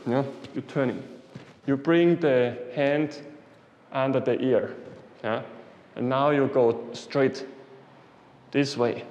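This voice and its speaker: A man's voice: medium pitch, a little mellow. A man leading an exercise class in short commands and simple, non-native English, often checking in with "yeah?". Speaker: qigong instructor. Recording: echoey hall, voice from some distance.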